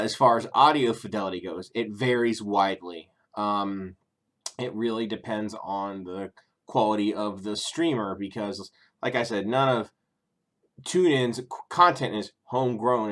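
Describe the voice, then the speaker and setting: A man's voice: on the low side, a bit bright. A middle-aged man from the Cincinnati area giving a rambling, profane casual review on his vlog, full of ums and self-corrections. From Cincinnati area, USA. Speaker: YouTuber reviewing streaming services.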